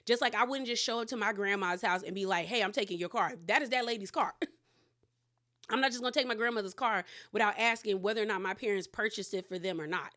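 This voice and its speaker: A woman's voice: medium pitch, brisk. Chatty woman recapping reality TV. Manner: chatty, animated retelling with quoted voices. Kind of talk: casual episode recap.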